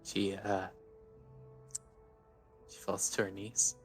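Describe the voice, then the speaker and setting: A man narrating his character's actions in a tabletop game, halting, with hesitations. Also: deep voice, completely flat delivery, soft background music. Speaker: player.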